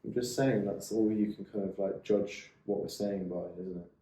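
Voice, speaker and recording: A man's voice: lowish voice, normal speed, mellow, a little hiss or hum. A man, co-hosting a podcast in a chatty, teasing, rambling way. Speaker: podcast co-host. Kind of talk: casual chat. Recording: echoey room.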